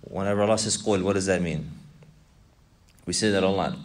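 A man's voice: low-pitched, steady tone, brisk. A man teaching an Islamic text to a class, reciting Arabic, repeating points and putting questions to his students. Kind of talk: classroom lesson explaining a text.

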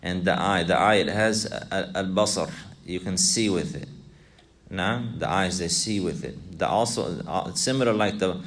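Low-voiced man teaching a class. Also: moderate pace, a bit bright, slight background noise. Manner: repetitive, asks students questions, mixes Arabic recitation. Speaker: Islamic teacher. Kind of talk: classroom lesson explaining a text.

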